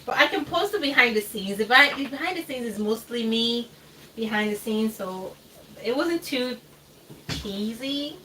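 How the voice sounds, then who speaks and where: A woman's voice: fairly high pitch, lively intonation, normal speed, bright, forceful tone. A woman hosting a live cooking stream in her home kitchen, chatting in a rambling way with frequent laughs and hesitant fillers. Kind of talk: casual livestream chat while cooking. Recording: distant mic with faint background noise.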